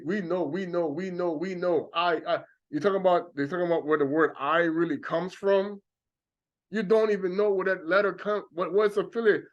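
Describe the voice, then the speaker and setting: Slow-talking high-voiced male preacher, muffled. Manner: acts out mocking voices of doubters. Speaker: religious teacher. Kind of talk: informal sermon.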